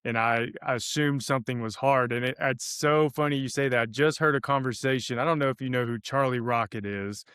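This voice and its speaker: A man's voice: medium pitch, brisk, few pauses, a bit bright, clean tone, dry recording, clean studio sound. A male podcast host talking casually and enthusiastically, with frequent restarts as he builds his questions. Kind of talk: conversational interview.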